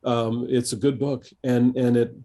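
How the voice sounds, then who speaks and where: Speaking with a mid-range, warm and mellow voice but a flat delivery, an older American man who is a veteran coach sits for a conversational interview. His answers are reflective, punctuated by filler pauses and restarted sentences.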